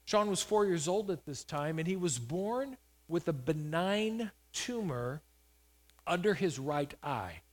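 A man's voice: on the high side, lively intonation, takes it slowly. A male pastor giving a sermon, telling a healing story with emphatic rises. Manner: storytelling preacher, rising to loud emphatic peaks.

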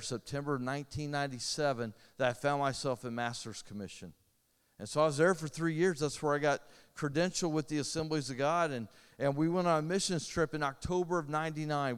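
A man's voice: a little high, clean tone. Earnest preaching man in a reverberant hall. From Indiana, US. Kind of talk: sermon testimony. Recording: long reverb of a large hall.

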